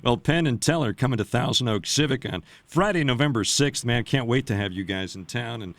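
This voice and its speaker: A chummy male radio host chatting with a guest from his studio. He is easygoing, laughs easily and sounds close and dry, with a middle-pitched voice. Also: expressive, a little fast, fairly bright tone, no room sound. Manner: chummy, laughs easily, says "man" a lot. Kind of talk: casual radio interview.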